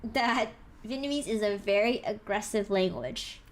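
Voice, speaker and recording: A woman's voice: mid-range voice, measured pace, a little hiss or hum. A young woman guesting on a casual podcast, laughing often and teasing playfully.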